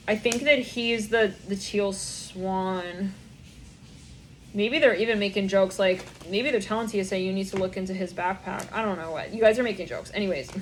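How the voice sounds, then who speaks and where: Young woman, tarot reader, rambling, swears a lot, mid pitch, faint background noise. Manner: rambling, stream-of-consciousness, frequent swearing and laughter. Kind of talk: channeled tarot reading.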